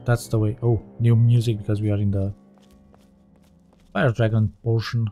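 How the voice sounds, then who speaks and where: A man's voice: lowish voice, level tone, normal speed, dark tone, soft background music. A man giving casual let's-play commentary as he plays, thinking aloud and often correcting himself mid-sentence. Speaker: gaming channel host.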